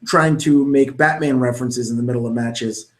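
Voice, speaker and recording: Speaking at a normal speed with fairly even intonation and a medium pitch, a young man co-hosts a podcast. He rambles eagerly about wrestling commentary in casual chat, restarting his sentences often.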